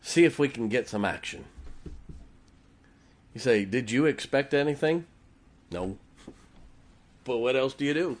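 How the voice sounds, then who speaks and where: A man's voice: mid-range voice, animated, a little slow, long pauses. A man, a pastor, preaching a sermon in a folksy storytelling way, acting out quoted conversations.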